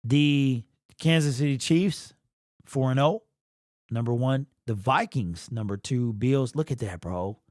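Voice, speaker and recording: A man's voice: mid-range voice, a little slow, a little mellow, no room sound, studio quality. A young man hosting a casual livestream, rambling and slangy, emotional and sniffly. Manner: rambling, repeats and restarts, slangy. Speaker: livestream host.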